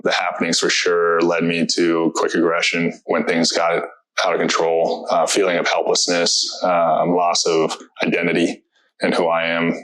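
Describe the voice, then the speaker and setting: A man in his thirties gives a personal testimonial, his voice low and heavy. He speaks in an even, level tone and stays steady, pausing and restarting as he reflects on his words. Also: rough recording. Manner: halting, reflective, many fillers and restarts. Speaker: interviewee.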